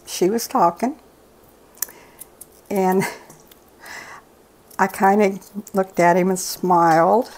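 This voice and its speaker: The host's mother, an older woman who appears regularly on a cooking show, tells rambling, folksy stories in a casual, chatty way while she cooks. Her mid-range voice has a darkish tone and fairly even intonation, with drawn-out words and long pauses.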